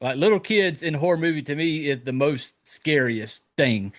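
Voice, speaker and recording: Profane, animated male podcast host. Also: fairly high pitch, moderate pace. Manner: profane, animated storytelling with acted-out quotes. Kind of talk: casual chat.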